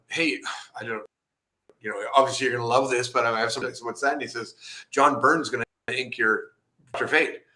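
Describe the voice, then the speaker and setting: A middle-aged man, a comic book artist, telling stories in a casual interview, animated and laughing often as he acts out the people he quotes. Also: mid-range voice.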